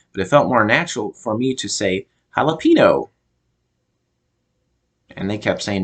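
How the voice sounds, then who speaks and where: Deep-voiced American man, halting review. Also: big pitch swings, fairly bright tone, slightly rough. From United States. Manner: halting, often stops to search for words. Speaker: show reviewer. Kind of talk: casual review monologue.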